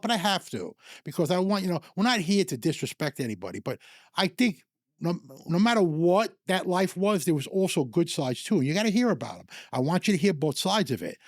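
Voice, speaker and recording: Older man rambling through stories, high voice. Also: no room sound, clean studio sound. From New York area. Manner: rambling, with restarts and chuckles. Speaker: storyteller guest. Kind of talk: casual storytelling.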